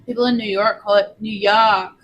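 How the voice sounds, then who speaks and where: A woman's voice: medium pitch, steady tone, moderate pace, a bit bright, dull audio. A woman chatting playfully and teasing while she cooks on a stream in her home kitchen. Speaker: cooking streamer. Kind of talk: casual cooking stream chat.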